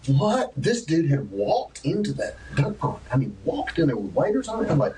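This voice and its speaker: A man's voice: a little high, huge pitch swings, moderate pace, crowd noise. Man swapping hunting tales, off-mic. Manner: agreeable, chimes in often with "yeah". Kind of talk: casual storytelling chat. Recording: distant mic.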